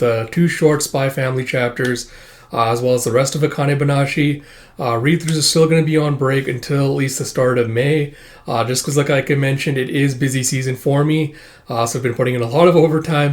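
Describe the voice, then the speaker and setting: Rambling man reading through a manga. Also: mid-range voice. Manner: rambling, many fillers, chuckles often. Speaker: manga read-through host. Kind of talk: casual reading commentary.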